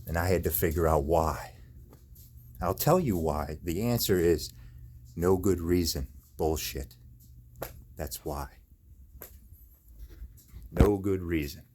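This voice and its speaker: A man's voice: sits low, slow, pauses often, darkish tone. A man in chronic pain delivering an angry, profane, repetitive rant in his own video. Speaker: video maker. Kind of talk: angry ranting monologue.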